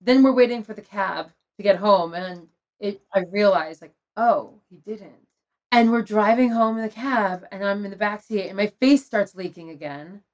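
A woman in a podcast conversation, telling a personal story in an open, confessional way. Her voice sits at a medium pitch, and she laughs now and then as she talks. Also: moderate pace, few pauses, a little mellow. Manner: emotional, confessional, laughs between lines.

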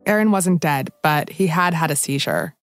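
A woman's voice: deep voice, lively intonation, normal speed, over music. A woman podcast host narrating in a chatty way, with playful asides to the listener.

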